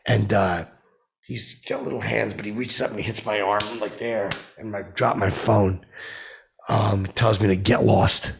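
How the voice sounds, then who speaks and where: With a creaky voice and a breathy edge, a comedy podcast host unhurriedly rambles through a story. His delivery is a dim, unaware deadpan, though his pitch jumps when he repeats what others said.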